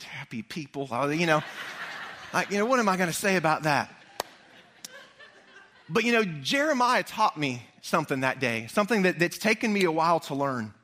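A man preaching a sermon, an animated storyteller who speaks straight to his congregation. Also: a little high, a little fast. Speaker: pastor.

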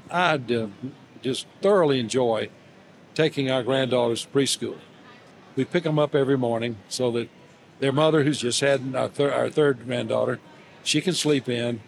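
An older man speaks in a plain mid-range voice and tells homely stories as an interview guest. He pauses often and restarts his sentences, with a gentle, self-mocking humor. A faint hiss of noise sits under the voice. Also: medium pitch. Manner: halting, with many fillers and restarts, gently humorous. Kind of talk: reflective storytelling interview.

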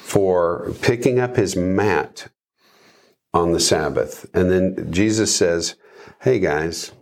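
A man's voice: deep voice, slow. A man in a casual faith discussion, pressing his points with rising rhetorical questions. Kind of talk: conversational faith talk.

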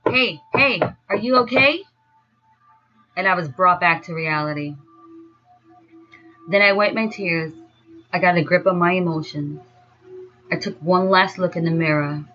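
A woman telling a first-person story in a slow, dreamy way. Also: deep voice. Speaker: narrator. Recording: dull lo-fi sound with faint music.

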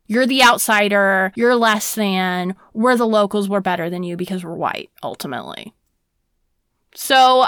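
A woman's voice: a little high, a bit bright, clean tone, no room sound, studio quality. A young woman hosting a casual history talk, sassy and chatty, full of "like" and rhetorical questions. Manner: sassy, chatty, heavy use of "like". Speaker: podcast host.

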